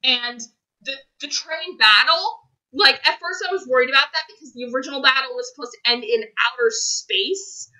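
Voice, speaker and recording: Bright, high-voiced woman gushing about a film. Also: moderate pace, low-quality recording. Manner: gushing, emotional, repeats phrases. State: choked up, near tears. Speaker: film reviewer. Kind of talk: casual spoiler review monologue.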